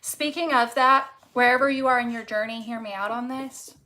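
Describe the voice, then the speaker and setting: A woman's voice: a little high, steady tone, normal speed, pushed and bright, rough recording. A woman reading tarot cards casually to camera, fervent and encouraging, swearing freely and repeating words for emphasis. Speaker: tarot reader.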